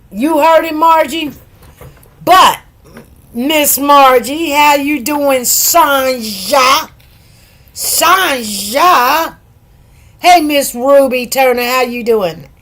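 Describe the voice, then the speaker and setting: A woman's voice: high voice, fairly bright tone. A middle-aged woman hosting a casual live stream, chatting loosely, greeting viewers by name and repeating words for emphasis. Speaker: livestream host.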